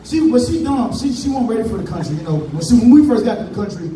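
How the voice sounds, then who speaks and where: High-voiced man doing stand-up. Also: expressive, fast talker, mellow, slight background noise. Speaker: stand-up comedian. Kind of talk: stand-up comedy set. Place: comedy club stage. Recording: echoey room from far off, crowd.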